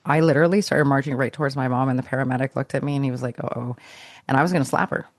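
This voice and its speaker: A woman speaks as a podcast guest, recounting her own story with a gravelly edge to her voice. She talks in a reflective, searching way, restarting phrases and letting them trail off. The recording sounds dry and close. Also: extremely low pitch, racing, dry recording. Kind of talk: personal storytelling.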